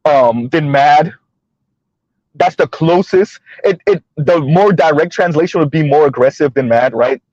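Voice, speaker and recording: A chatty man with a somewhat high voice rambles through casual commentary from inside his car, laughing often and checking in with "right?". The sound is dry and close, with a dull, muffled lo-fi quality. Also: measured pace, a little mellow, no room sound. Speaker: commentary channel host. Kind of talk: casual commentary while driving.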